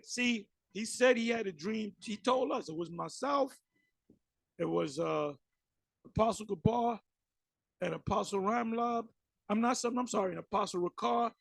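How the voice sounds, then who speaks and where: A man giving ranting religious commentary on clips, animated and mocking, with many fillers. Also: sits high, unhurried, creaky, no room sound, rough recording.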